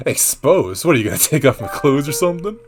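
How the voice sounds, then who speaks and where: A man's voice: fairly high pitch, sing-song, moderate pace. A man voicing a smug, flippant male witness who brushes off every question.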